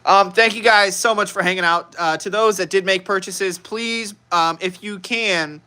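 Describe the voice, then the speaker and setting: A man's voice: sits high, fairly even intonation, normal speed, pushed and bright, clear, resonant tone. A young man from Chicago with a Chicago accent, hosting a live sales stream and telling rambling stories with frequent laughs. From Chicago, United States. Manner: chatty, laughs often, rambling with restarts. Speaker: live stream seller, host. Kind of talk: casual storytelling on a live stream.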